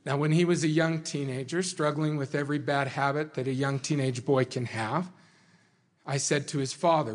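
A man delivering a sermon to a congregation, earnest and measured, with dramatic slow pauses. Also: fairly high pitch, fairly even intonation. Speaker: speaker addressing a congregation. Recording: hall reverb.

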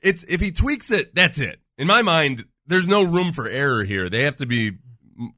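Bright-voiced man in lively sports banter. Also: a little high, normal speed, no room sound, clean studio sound. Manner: animated, puts on mocking voices for jokes. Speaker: sports radio co-host. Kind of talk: casual sports talk.

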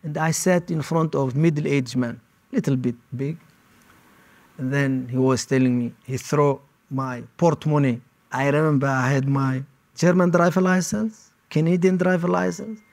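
Man, fairly high voice, halting testimony, short broken phrases. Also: creaky, darkish tone. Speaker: interviewee recounting detention. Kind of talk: personal testimony.

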